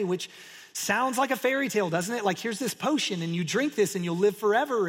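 High-voiced pastor in a reverberant hall. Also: male voice, slightly rough. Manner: animated storytelling, acting out crowd reactions. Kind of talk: sermon.

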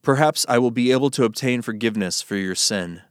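A man's voice: medium pitch, a little fast, clean tone, no echo, clean studio sound, close to an everyday voice. A man voicing Moses as an earnest, pleading leader in a solemn Bible reading.

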